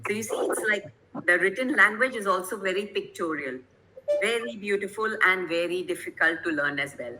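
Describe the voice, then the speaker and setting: Over a video call, a Kerala-born woman serves as guest presenter in an online lecture for teachers, explaining things patiently and regularly asking whether they're keeping up. She speaks expressively and briskly at medium pitch, with a noisy background.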